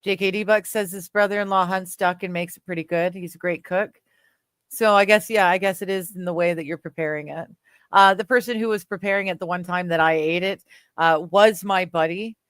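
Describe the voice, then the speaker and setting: A woman's voice: on the low side, steady tone, a little fast, fairly bright tone, smooth, no room sound, clean studio sound. A woman from Canada hosting a casual livestream chat, reading viewer comments aloud, laughing often and trailing off with fillers. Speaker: livestream host.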